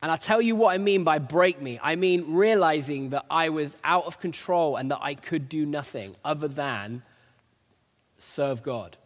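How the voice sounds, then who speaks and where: A man's voice: on the high side, a little slow. Earnest male preacher in a reverberant hall. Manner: earnest, personal storytelling. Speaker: preacher sharing a testimony. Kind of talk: conversational sermon.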